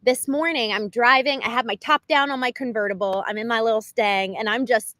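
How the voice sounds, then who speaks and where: A woman rambles earnestly through an unscripted livestream monologue, her voice sitting on the higher side. She keeps restarting phrases and leaning on "like" as she works through her thoughts. The sound is dry and close, with no room echo. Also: a little fast. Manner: earnest and animated, with frequent "like" and restarts. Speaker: livestream host.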